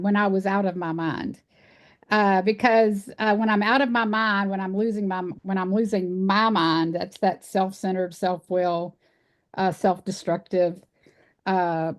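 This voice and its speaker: Texan woman, interview guest, earnest folksy storyteller. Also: mid-range voice. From Texas. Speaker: guest, animal rights speaker. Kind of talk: casual interview conversation.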